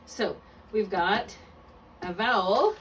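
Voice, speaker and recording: A woman teaches phonics one-on-one at a patient, step-by-step pace and often stops to correct herself. Her voice sits at a middle pitch. She is picked up from some distance, with a faint hiss in the background. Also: animated, slow pace, a bit bright. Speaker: reading tutor. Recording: distant mic with faint room noise.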